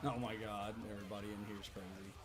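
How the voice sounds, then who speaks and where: A man in his thirties hosting a livestream, telling a story in a loose, profane, animated way. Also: lowish voice, fast. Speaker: livestream host. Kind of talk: casual storytelling to a live chat.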